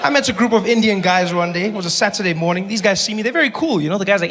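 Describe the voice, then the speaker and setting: A man's voice: high-pitched, very fast, few pauses, noisy background. A South African man doing stand-up, telling stories animatedly with repeated punchlines. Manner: animated storytelling, repetitive punchlines. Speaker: stand-up comedian. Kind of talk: stand-up comedy. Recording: live club with crowd laughter.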